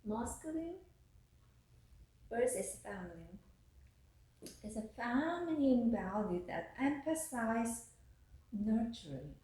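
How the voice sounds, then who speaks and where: A woman professor delivers a recorded lecture at a slow, careful pace, often stopping to restart a phrase. Her voice is mellow and unhurried. The room around her gives a noticeable echo. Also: on the high side, very animated. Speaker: university professor. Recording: echoey room.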